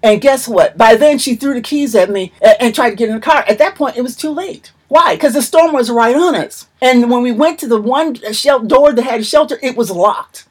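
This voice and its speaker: A woman's voice: on the high side, moderate pace, hardly any pauses, breathy edge. A woman preaching a sermon in an emphatic, repetitive manner.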